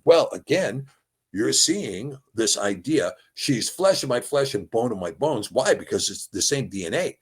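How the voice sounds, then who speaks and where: A man's voice: medium pitch, big pitch swings, normal speed, breathy edge. A man giving verse-by-verse scripture commentary, reading passages aloud and then explaining them, often restarting and correcting himself. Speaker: Bible teacher.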